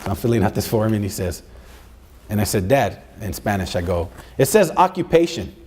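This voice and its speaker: A middle-aged man telling a personal story to an audience in an animated way, dropping Spanish phrases into his talk. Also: fairly low pitch, a little fast, slightly rough. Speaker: speaker addressing college staff.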